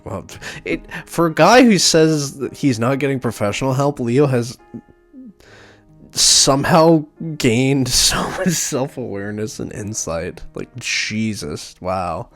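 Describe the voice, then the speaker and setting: A man's voice: mid-range voice, takes it slowly, soft background music. A man giving casual, wry commentary while playing a story game, swearing often. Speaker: let's play host.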